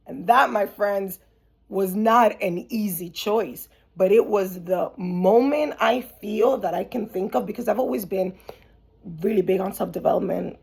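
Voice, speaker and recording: A woman's voice: medium pitch, unhurried, gravelly, darkish tone, slightly rough. A woman hosting a podcast, telling her own story candidly in a chatty way, full of "like" fillers and restarts. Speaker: podcast host.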